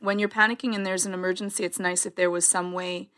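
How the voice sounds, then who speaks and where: Fast bright-voiced woman telling a story. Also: fairly low pitch. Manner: animated, rambling with many fillers and laughs. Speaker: podcast co-host. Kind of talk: casual storytelling chat.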